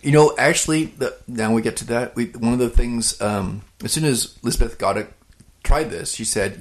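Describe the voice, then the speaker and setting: A man co-hosting a podcast about home cheesemaking, talking in a relaxed, halting way with many restarts and easy laughs. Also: mid-range voice. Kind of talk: casual chat.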